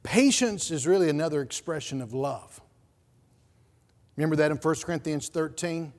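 A man with a high voice preaching a sermon, emphatic and full of rhetorical questions. His words ring out with a long reverb trailing behind them, as in a large church. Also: moderate pace, long pauses, darkish tone. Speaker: pastor.

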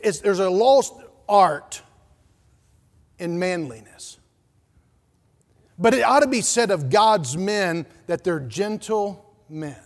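A man's voice: on the high side, darkish tone, big-room sound. A male pastor preaching a sermon emphatically, with repeated words and rhetorical questions.

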